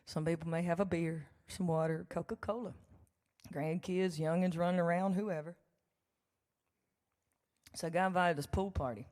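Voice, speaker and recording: A woman's voice: on the low side, fairly even intonation, measured pace, long pauses, darkish tone. A woman telling a joking, chatty story to a live audience between songs. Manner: chatty, folksy and joking, with laughs and asides to the crowd. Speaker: songwriter performing live. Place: large church hall with a live audience. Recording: long reverb of a large hall.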